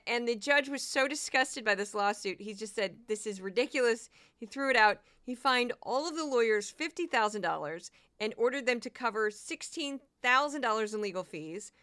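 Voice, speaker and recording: Bright, crisp-voiced woman podcaster. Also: a little high. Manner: chatty, quick asides, repeated words. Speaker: podcast host. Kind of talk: casual commentary podcast.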